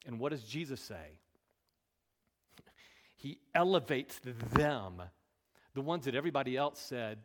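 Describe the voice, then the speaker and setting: A man's voice: medium pitch, measured pace, pauses often. A preacher man in a reverberant hall. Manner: animated, many rhetorical questions. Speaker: pastor. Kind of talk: sermon.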